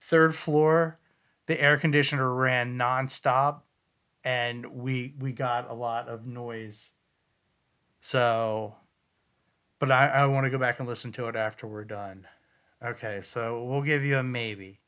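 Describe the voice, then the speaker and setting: A man of ordinary pitch chatting loosely on a podcast. He rambles, restarts his sentences and breaks into excited bursts while going over ghost-hunt clips. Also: takes it slowly, clean tone. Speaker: podcast co-host reviewing ghost-hunt audio. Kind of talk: casual chat.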